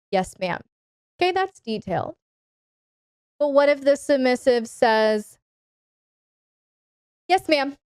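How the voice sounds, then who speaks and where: A woman with a fairly high, smooth, clear voice gives advice on a live stream, slow and measured. She speaks with commanding authority and leans on words for emphasis. The sound is close and dry. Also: darkish tone, dry recording. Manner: commanding, deliberate, instructive emphasis. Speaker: dominatrix coach hosting a live Q&A.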